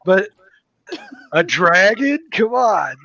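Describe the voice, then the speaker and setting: High-pitched guy griping at the game table, muffled lo-fi audio. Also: very animated, slow, sharp tone. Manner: wry, complaining, profane. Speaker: player. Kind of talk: casual tabletop game chat. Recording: dull lo-fi sound.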